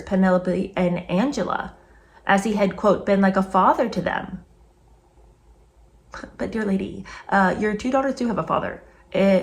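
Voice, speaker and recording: A woman reading passages from a book aloud and breaking off into animated, disgusted comments of her own. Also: mid-range voice. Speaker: book reviewer.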